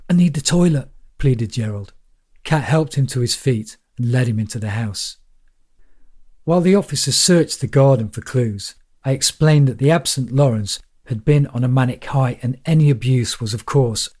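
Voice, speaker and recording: A man's voice: mid-range voice, darkish tone. Man narrating a wry first-person story. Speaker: audiobook narrator.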